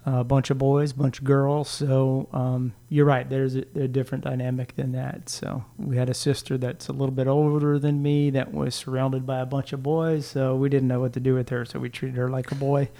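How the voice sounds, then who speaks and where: A man's voice: mid-range voice, level tone, moderate pace, vocal fry, few pauses, warm tone. A man in his thirties co-hosting a podcast, talking in a laid-back, rambling way and laughing often. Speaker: podcast co-host. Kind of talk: casual chat.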